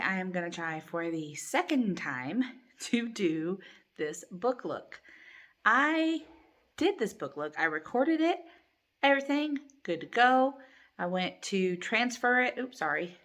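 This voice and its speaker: A woman's voice: medium pitch, lively intonation, a little slow, fairly bright tone. A middle-aged woman hosting a crochet channel, chatting casually and rambling with many ums from her living room at home. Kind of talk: casual chat to camera.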